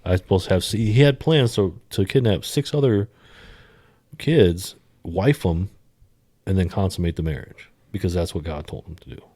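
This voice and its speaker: A man with a very low voice holds a casual, profane podcast chat. His speech swings between low mumbles and sudden loud bursts. The recording is dry and close. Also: normal speed, no echo. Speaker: podcast co-host.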